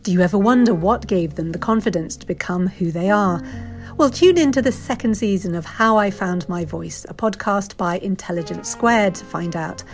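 Measured woman host narrating a trailer. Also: medium pitch. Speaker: podcast host. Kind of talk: scripted podcast trailer narration. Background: faint music.

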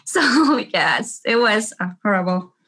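Bright-voiced woman telling a story. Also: medium pitch, slow pace. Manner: animated storytelling with laughter. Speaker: nurse, guest. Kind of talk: casual anecdote.

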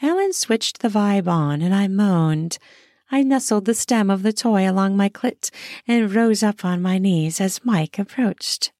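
A woman narrating a first-person erotic audio story in an intimate, soft, drawn-out manner. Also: medium pitch, no room sound, clean studio sound.

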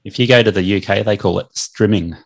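A middle-aged Australian man with an Australian accent speaks low and deep. His voice is gravelly and a little husky. He talks in an easygoing, joking way, like a guest on a casual chat show. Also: fast. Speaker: podcast guest, lawn care business owner.

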